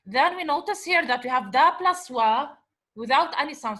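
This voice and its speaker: A woman's voice: high voice, expressive, normal speed, pushed and bright. A woman teaching an Arabic revision lesson, patiently sounding out words syllable by syllable. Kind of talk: revision lecture.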